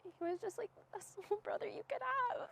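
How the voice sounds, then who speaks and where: Very high, gravelly-voiced grieving young woman. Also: a little hiss or hum. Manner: soft, halting and tearful. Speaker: grieving sister. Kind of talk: emotional interview statement.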